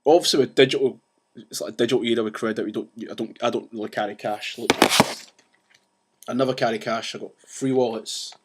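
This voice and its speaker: A man's voice: medium pitch, fairly even intonation, a little hiss or hum. Rambling man ranting. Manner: rambling, with restarts and asides; says he talks fast. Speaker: vlogger. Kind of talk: casual rant to camera.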